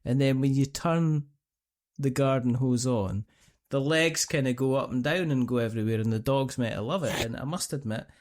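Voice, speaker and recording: A man's voice: mid-range voice, normal speed, darkish tone. Scottish guy in his middle years chatting on a podcast, rambly, keeps restarting his sentences. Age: middle-aged. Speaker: podcast host. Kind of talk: casual chat.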